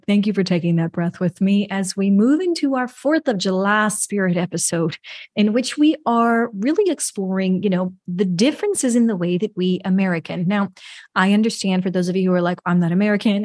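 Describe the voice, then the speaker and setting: A woman's voice: mid-range voice, darkish tone, no echo. Reflective woman podcast host, dry sound. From New York. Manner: reflective, conversational, laughs often, says "right?". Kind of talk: solo podcast monologue.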